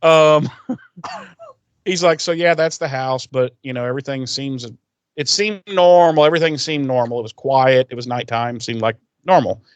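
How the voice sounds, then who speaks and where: A man with a clear, resonant, mid-range voice co-hosts a podcast, recapping a TV episode in rambling, profane casual chat and quickly voicing characters as he retells scenes. The recording is dry.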